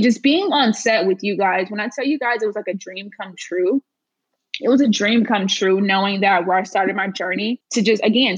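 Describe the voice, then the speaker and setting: Husky, earnest woman guest. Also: mid-range voice, no room sound, poor audio. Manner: earnest, emphatic, repeats phrases. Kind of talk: casual interview chat.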